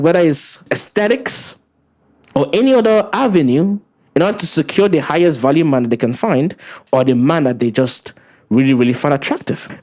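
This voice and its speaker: A man ranting through a reaction commentary, incredulous and profane, his voice swinging up high when he gets worked up. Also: darkish tone. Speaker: commentary channel host.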